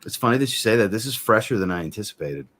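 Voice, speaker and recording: A man with a low, slightly husky voice hosts a casual livestream. He talks in an easygoing way, reading out chat comments and musing over scents. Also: expressive, rapid-fire, a bit bright. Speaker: livestream host and fragrance reviewer.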